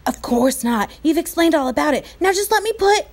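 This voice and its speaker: A woman reading aloud and voicing a headstrong, excitable young boy, high and quick.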